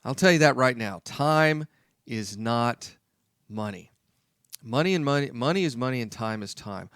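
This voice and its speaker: A man's voice: medium pitch, expressive, quick pace, a bit bright, no room sound, studio quality. A man hosting a talk radio show, speaking emphatically and repeating his key points.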